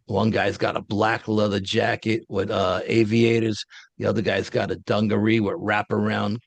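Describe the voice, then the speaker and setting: A man's voice: on the low side, level tone, normal speed, gravelly, no echo. A man, an interview guest telling a story in a casual, blunt, street-wise way. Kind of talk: casual first-person storytelling.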